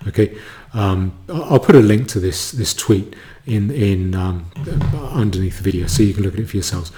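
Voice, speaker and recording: A man giving a solo commentary monologue, halting, with many stammered restarts. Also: lowish voice, dark tone.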